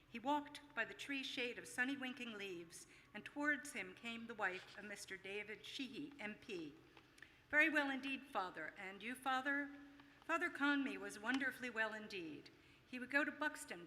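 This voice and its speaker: A woman reading literary prose aloud at a public reading, in a measured, lightly characterful way. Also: fairly high pitch, pushed and bright. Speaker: reader. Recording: reverberant hall with faint ambient noise.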